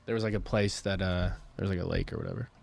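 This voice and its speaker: A man's voice: deep voice, steady tone, rapid-fire, vocal fry. A young man co-hosting a podcast, telling rambling stories full of fillers and swearing in casual chat. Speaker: podcast co-host.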